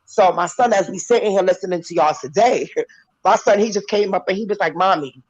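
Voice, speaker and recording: Woman caller, preachy and animated, choked up, dry sound. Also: medium pitch, a little fast, no echo, dull audio. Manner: emphatic, animated, switches into character voices. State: tearful, emotional. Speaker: caller on a talk panel. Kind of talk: casual talk, preachy and emotional.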